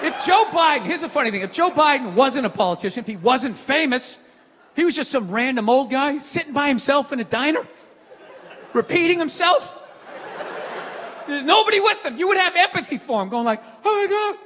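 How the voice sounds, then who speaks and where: A man doing a stand-up rant on stage, cursing freely and yelling his punchlines while mocking people in put-on voices. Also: extremely high pitch, lively intonation, brisk. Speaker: stand-up comedian. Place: large comedy venue with a live audience. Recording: live stage recording, long hall reverb, crowd noise.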